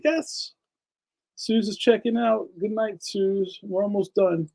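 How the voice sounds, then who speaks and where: A man's voice: high-pitched, animated, slow, darkish tone, rough recording. A man hosting a casual livestream, chatting enthusiastically and speaking straight to his viewers. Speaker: livestream host and cartoonist.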